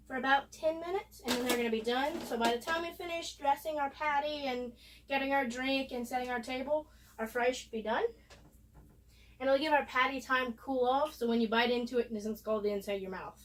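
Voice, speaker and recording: A woman's voice: high-pitched, slight background noise. A woman talking casually through a cooking demonstration in her home kitchen, chatty and explaining each step as she goes. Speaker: cooking vlogger. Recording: voice a bit far from the mic.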